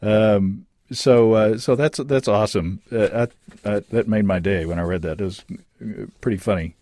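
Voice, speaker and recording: A man's voice: fairly low pitch, moderate pace, dry recording, clean studio sound. A man hosting a casual chat, reading listener letters aloud with frequent fillers and laughter. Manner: lively, laughing, many fillers and restarts. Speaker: podcast host.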